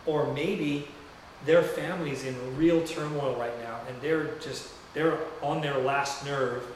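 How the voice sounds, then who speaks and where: At a slow pace and in a steady, slightly high voice, a pastor tells a story during his sermon, loose, rambling, and conversational. The church sanctuary is very echoey, he's heard from a distance, and there's a little hiss or hum.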